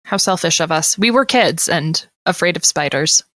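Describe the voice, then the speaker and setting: Bright, playful young woman co-host. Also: on the low side, lively intonation, normal speed. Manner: playful, giggly, swears casually. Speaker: podcast co-host. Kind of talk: casual chat. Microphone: podcast mic with pop filter.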